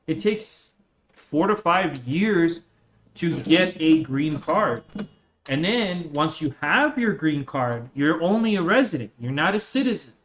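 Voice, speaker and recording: A man's voice: a little high, measured pace, lo-fi sound. A man in his twenties from Russia, chatting casually and rambling as a streamer, with lots of "like" and "dude". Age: 20s. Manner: relaxed, rambling, heavy use of "like" and "dude". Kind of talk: casual chat while gaming.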